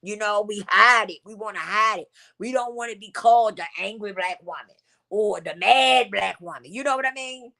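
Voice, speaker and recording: A middle-aged woman speaks straight to her viewers in a heartfelt personal vlog. Her voice is bright and forward, and she talks openly about her feelings, circling back to repeat her points. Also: medium pitch, normal speed, vocal fry. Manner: emotional, candid, repeats phrases for emphasis. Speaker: channel host.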